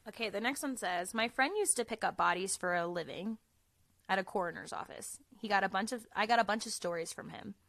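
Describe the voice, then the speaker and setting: A woman's voice: medium pitch, brisk, creaky, fairly bright tone, dry recording. A woman hosting a casual podcast, reading listener stories aloud, laughing often and swearing freely.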